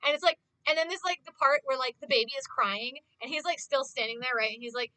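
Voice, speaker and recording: A young woman livestreamer chatting casually with her viewers, gushing and fast, with lots of "like". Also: sits high, bright, forceful tone, dry recording. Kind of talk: casual chat to stream viewers.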